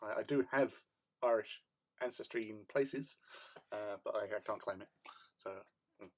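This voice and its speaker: A man hosting a casual hobby livestream at his painting desk. He rambles in a chatty way with plenty of ums and soft laughs, and greets viewers from the chat. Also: lowish voice, moderate pace.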